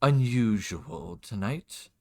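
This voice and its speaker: A man voicing a sinister grey-skinned nobleman who speaks slowly, formally and with quiet menace. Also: on the low side, expressive. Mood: cool, probing.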